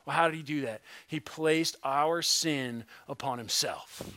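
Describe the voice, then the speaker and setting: Bright, high-voiced man preaching. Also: dry recording. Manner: earnest preaching, drops to a hush on key words; reads scripture slowly and deliberately. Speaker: pastor. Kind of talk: sermon.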